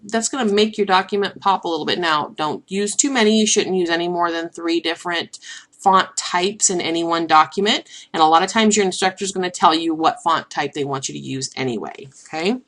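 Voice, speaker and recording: Woman with a low voice teaching software. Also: fairly quick. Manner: relaxed, thinks aloud with many ums and restarts. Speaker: instructor. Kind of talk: software tutorial screencast.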